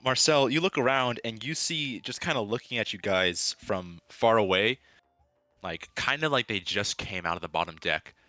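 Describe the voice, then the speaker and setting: A man's voice: fairly low pitch, lively intonation, moderate pace, pushed and bright, faint music behind. A man narrating as game master for a tabletop game, laid-back and swearing casually.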